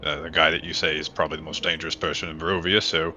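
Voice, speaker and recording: A man's voice: very deep voice, little pitch movement, rapid-fire, sharp tone. A man playing his character in a tabletop game, easygoing and hesitant, with many fillers. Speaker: player.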